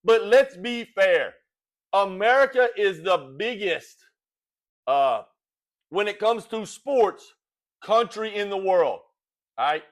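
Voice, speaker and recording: A man with a Cajun Louisiana accent hosting a sports talk show, ranting in a folksy, animated way and checking in with "all right?". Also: high voice, takes it slowly, long pauses. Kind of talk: opinionated sports talk rant.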